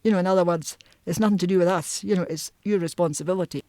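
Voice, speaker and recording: An older Scottish woman reminiscing about her working life, amused and lively, often breaking into voices. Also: lowish voice, fast, dry recording. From Scotland. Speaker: oral history interviewee. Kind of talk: storytelling reminiscence.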